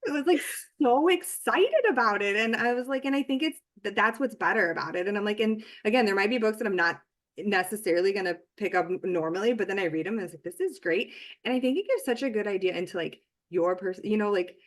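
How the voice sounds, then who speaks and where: A woman's voice: medium pitch, quick pace. A woman author in a casual podcast conversation, talking in a rambling way with many restarts and fillers.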